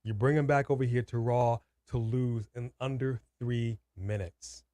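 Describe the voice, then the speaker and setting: A man's voice: medium pitch, fairly even intonation, a little slow, warm tone, no echo. A man co-hosting a casual live watch-party stream, ranting emphatically and repeating his points. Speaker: co-host.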